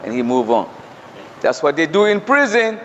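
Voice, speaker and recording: A man's voice: a little high, sing-song, normal speed, a bit bright. Male preacher, chatty storyteller, muffled lo-fi sound with a faint hiss. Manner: conversational, anecdotal, with quoted dialogue. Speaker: Islamic preacher. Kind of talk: sermon with storytelling. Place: lecture hall. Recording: dull lo-fi hall reverb, faint noise.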